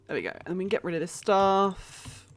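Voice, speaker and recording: With faint music behind her, a British woman talks briskly and expressively in a medium-pitched voice while streaming a life-sim game. Her commentary is casual: she thinks through things aloud and welcomes viewers in the chat.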